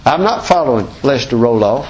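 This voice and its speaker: A man's voice: medium pitch, big pitch swings, brisk, a little mellow, muffled recording. A man with a Southern American accent preaching a sermon as pastor, folksy and emphatic, full of rhetorical questions.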